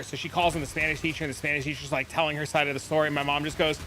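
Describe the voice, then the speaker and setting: A man's voice: fairly high pitch, steady tone, rapid-fire, few pauses, bright, forceful tone, a little hiss or hum. A man streaming, telling rambling, profane stories in casual chat. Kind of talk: casual storytelling.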